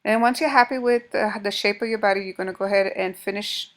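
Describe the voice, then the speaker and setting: Talking fast in a steady, mid-range voice, a woman hosts a craft tutorial and casually explains each step while she works. She restarts her sentences often.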